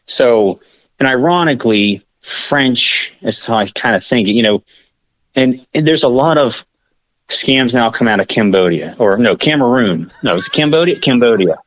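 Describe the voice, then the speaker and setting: A man's voice: medium pitch, lively intonation, moderate pace, no echo, low-quality recording. An American man co-hosting a podcast in casual chat, rambling and correcting himself with lots of filler. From United States. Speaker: podcast co-host.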